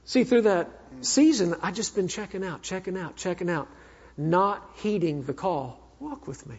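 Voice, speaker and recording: A husky, fairly high-pitched man preaches, his voice carrying a long hall echo. He is an earnest minister who swings between fervent and hushed. The sound is slightly dull and muffled. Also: normal speed. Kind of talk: sermon with personal storytelling.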